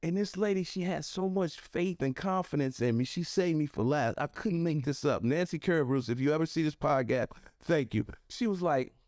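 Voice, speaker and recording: A man telling a personal story as a podcast guest, animated and conversational, with plenty of "you know" and "right", close on a podcast microphone. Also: fairly quick, hardly any pauses, dry recording. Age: adult. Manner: animated, acts out quoted voices with sharp pitch jumps.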